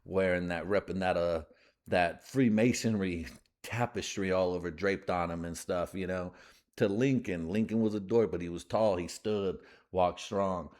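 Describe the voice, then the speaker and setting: A man's voice: low-pitched, moderate pace, darkish tone. A man hosting a podcast in casual, rambling chat, joking loosely and often saying "you know". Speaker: podcast host.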